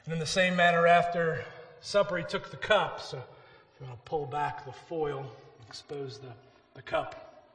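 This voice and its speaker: A man preaching as pastor and leading communion in a church sanctuary, earnest and exhorting, with halting restarts. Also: a little high, steady tone, a bit bright, reverberant, big-room sound. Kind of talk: sermon and communion service.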